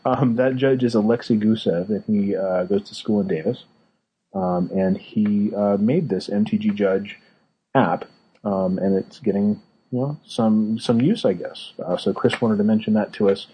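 A man's voice: fairly low pitch, normal speed, dark tone, slightly rough, low-quality recording. A man co-hosting a casual podcast, explaining game rules with many fillers and restarts. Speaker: podcast co-host, card game judge. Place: Northern California.

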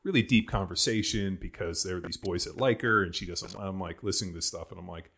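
A man's voice: deep voice, fast talker, fairly bright tone, slightly rough. A man in his forties hosting a podcast, telling rambling stories in casual chat, full of "like" and casual swearing. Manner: rambling storyteller, heavy use of "like", swears casually. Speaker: podcast host.

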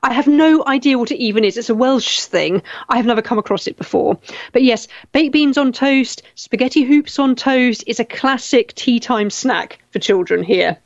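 A chatty middle-aged English woman talks through viewer comments at a casual pace, often stumbling over and repeating words. Her voice sits a little high. The recording is dry and a bit dull, with no room sound. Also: moderate pace, no room sound. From England. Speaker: livestream host reading viewer comments. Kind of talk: casual chat.

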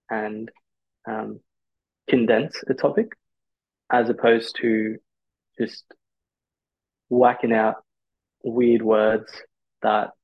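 A man's voice: medium pitch, vocal fry, husky, no echo. A man in his twenties, a physiotherapist guest on a podcast, answering thoughtfully with hesitant restarts. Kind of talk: candid podcast interview answers. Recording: dull lo-fi podcast audio.

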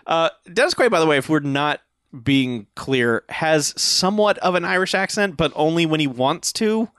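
A man's voice: a little high, normal speed, clear, resonant tone, dry recording, clean studio sound. A man chatting casually as a podcast co-host, laughing often and acting out lines from a film. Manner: animated, laughs often, acts out quotes. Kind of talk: casual movie recap chat.

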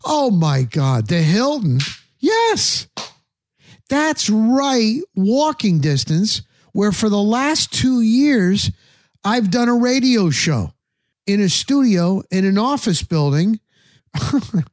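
A man's voice: sits high, sing-song, takes it slowly, darkish tone, dry recording, clean studio sound. A middle-aged man hosting a sports talk show, telling a story casually and acting out his own thoughts in quotes. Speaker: sports radio and podcast host.

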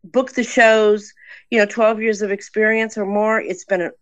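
A woman's voice: medium pitch, level tone, moderate pace, no echo. An older woman calling into a live podcast, speaking with enthusiastic, rambling energy from a friend's home. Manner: enthusiastic, rambling, self-promoting. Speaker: podcaster guest. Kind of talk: live call-in chat. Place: friends' house with people in the background.

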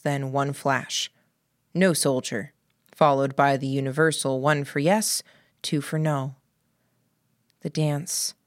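Reading a scripted audiobook, a low-voiced woman tells the story in a steady, measured manner. The studio-quality recording is dry.

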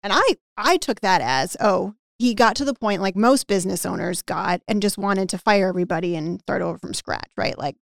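A woman on a podcast who coaches business owners on hiring and team culture, telling a story with lively acted-out quotes and lots of "like". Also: medium pitch, a little fast, creaky, few pauses, no room sound, clean studio sound. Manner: animated anecdote-telling with acted-out quotes and frequent "like".

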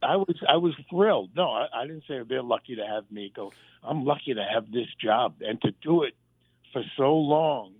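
Man telling animated stories on a phone line. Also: mid-range voice, moderate pace, husky, no echo. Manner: animated anecdotes, acts out quoted voices. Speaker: guest, former sitcom writer and warm-up comic. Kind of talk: casual interview storytelling.

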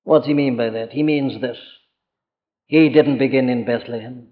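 A man's voice: medium pitch, steady tone, moderate pace, big-room sound. A man with a Welsh accent preaching a sermon, earnest and emphatic, speaking directly to his listeners. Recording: dull lo-fi archive recording.

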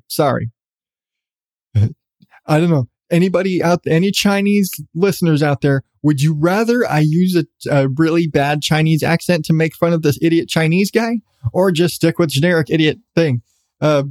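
A man's voice: on the high side, a little mellow, no room sound, clean studio sound. A man hosting his own podcast, ranting in a sarcastic, profane way about news stories. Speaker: podcast host. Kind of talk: solo podcast commentary.

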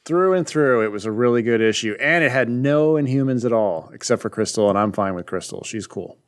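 A man's voice: medium pitch, animated, brisk. A man co-hosting a casual podcast about comics, animatedly retelling a story with lots of ums. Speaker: podcast co-host.

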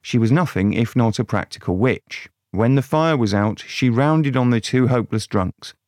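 A man's voice: mid-range voice, normal speed, a little mellow, no echo, studio quality. A man narrating a crude mock fairy tale in a sardonic way. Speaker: storyteller.

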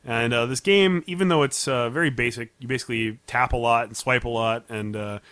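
A man's voice: medium pitch, brisk, a bit bright, dry recording. A man co-hosting a casual podcast, telling stories and laughing often. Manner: chatty storyteller, laughs often. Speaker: podcast co-host. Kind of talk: casual chat.

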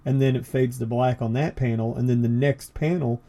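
A man talks through comic book pages in a loose, rambling way, often breaking into laughter. His voice is mellow and dark-toned, relaxed rather than bright. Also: medium pitch, a little fast. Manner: laid-back, laughs often, rambling descriptions. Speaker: podcast co-host. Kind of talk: casual chat about comics.

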